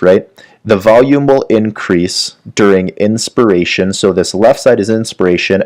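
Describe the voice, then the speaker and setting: A medical educator gives a whiteboard lecture, walking through diagrams and explaining as he goes, frequently checking in with "right?". His voice is on the low side with a darkish tone.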